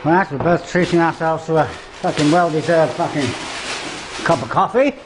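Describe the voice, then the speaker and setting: Speaking at a moderate pace with a voice on the higher side, an older man shows viewers around his half-stripped cottage loft. The renovating vlogger curses constantly, forgets what he meant to say and gropes for words as he rambles through the derelict space, and the background is noisy.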